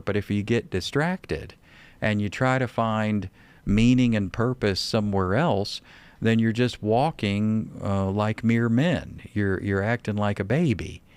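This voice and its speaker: A man's voice: lowish voice, clear, resonant tone, no echo. A man with a Texan accent, hosting a show and answering a listener's question about scripture in an earnest, step-by-step way. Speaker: Bible teacher and radio show host.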